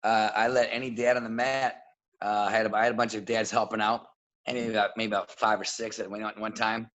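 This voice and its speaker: A man talking as a wrestling coach in a casual interview, blunt and animated, acting out what people said. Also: fairly low pitch, fairly quick. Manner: blunt, animated, acts out quotes. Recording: dull lo-fi audio.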